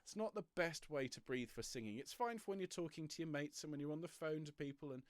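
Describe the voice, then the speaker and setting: An encouraging man coaches a choir through breathing and stretches in a jokey, step-by-step way. His voice sits a little high, and it comes over a home mic on a video call. The sound is dry and close, with no room echo. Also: quick pace. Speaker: choir leader. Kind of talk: leading an online choir warm-up. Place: home room, traffic passing outside.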